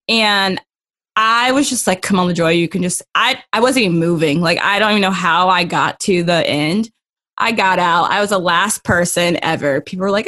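Animated young woman telling a story. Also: mid-range voice, brisk. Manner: animated storyteller, acts out quotes. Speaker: guest, masters swimmer. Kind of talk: casual storytelling interview.

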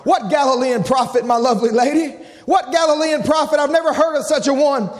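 A man's voice: very high-pitched, brisk, in a large hall. A man preaching who voices an old blind beggar, pleading and eager, on an archive sermon recording.

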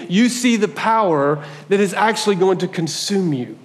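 Male pastor, fairly high voice, animated sermon storytelling, long church-hall reverb. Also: fairly quick, hardly any pauses. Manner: animated storytelling, voicing God and others in quotes. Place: church sanctuary.

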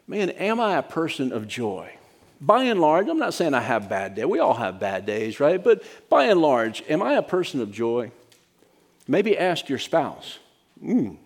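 A middle-aged man preaching a sermon as pastor, talking in a conversational, practical way and checking in with "right?" asides. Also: fairly high pitch.

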